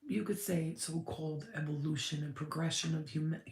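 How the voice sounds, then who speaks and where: A woman's voice: low voice, steady tone, fairly quick, darkish tone, reverberant. A woman giving a casual channeled spirit reading, rambling and blunt, swearing freely.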